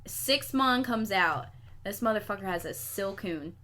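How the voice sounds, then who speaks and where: A woman guest on a podcast, telling stories in casual chat, animated and swearing freely. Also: mid-range voice, a little slow, crowd noise. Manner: animated, profane storytelling.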